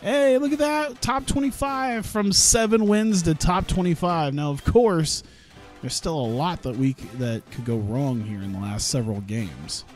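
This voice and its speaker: A man's voice: fairly high pitch, moderate pace, faint music behind. A man casually commenting on his own gameplay as a streamer, rambling and cutting himself off, laughing at his own jokes. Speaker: gaming streamer.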